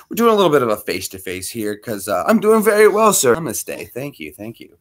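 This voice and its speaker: A man's voice: medium pitch, big pitch swings, moderate pace, a bit bright. A man hosting a casual livestream, greeting viewers by name and talking to his dog between topics. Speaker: livestream host.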